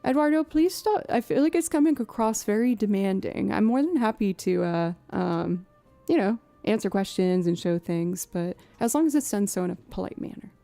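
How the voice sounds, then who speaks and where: This streamer and musician, in her thirties and from outside Boston in New England, rambles through a casual live-stream chat with her viewers, full of fillers. Her Boston accent has a hint of Southern twang creeping in. The mid-range voice sounds creaky and warm, with lively intonation at a normal speed; there's no echo, and music plays faintly behind her.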